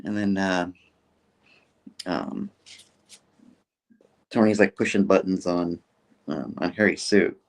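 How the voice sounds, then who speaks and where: A man's voice: deep voice, takes it slowly, pauses often. A man hosting a show, casually recapping a story with lots of fillers. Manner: animated, full of fillers. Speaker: host.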